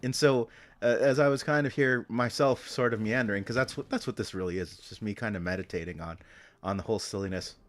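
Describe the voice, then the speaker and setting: This man, with a lowish voice, talks fast as he streams, chatting to himself in a meandering, casual ramble. He swears often and keeps trailing off into restarts.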